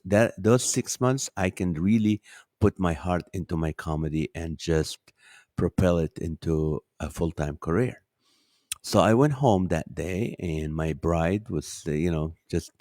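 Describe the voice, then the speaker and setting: A man's voice: sits low, darkish tone, no echo, studio quality. A middle-aged man, a comedian and podcast host, telling a personal story in a chatty, faith-centered way and acting out the dialogue. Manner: chatty, acts out quoted dialogue. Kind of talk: casual storytelling monologue.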